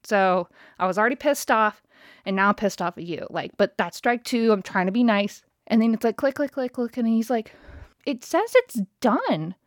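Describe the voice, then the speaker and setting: A woman's voice: on the high side, fairly quick, no echo. Heated, profane woman ranting, dry sound. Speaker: storyteller ranting about her day. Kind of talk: casual angry storytime rant.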